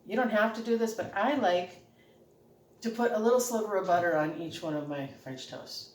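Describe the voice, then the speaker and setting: A middle-aged home cooking channel host with a regional American accent chats casually while cooking in her home kitchen, laughing often in a homey way. Her voice is medium-pitched and darkish at a normal speed. The echoey kitchen is picked up by a distant mic, with dishes and cutlery clattering and slight background noise.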